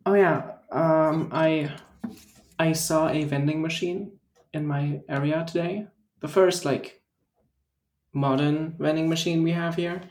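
A man co-hosting a podcast in relaxed casual chat, teasing and using many fillers. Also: fairly high pitch, slow pace, reverberant. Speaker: podcast co-host.

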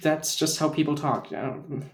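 A man's voice: fairly high pitch, moderate pace, echoey room. A man who speaks English as a second language after German, with an American-sounding German accent, chatting casually on a podcast and rambling with lots of fillers. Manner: rambling, filler-heavy, deadpan. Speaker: podcast co-host. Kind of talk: casual chat, story time.

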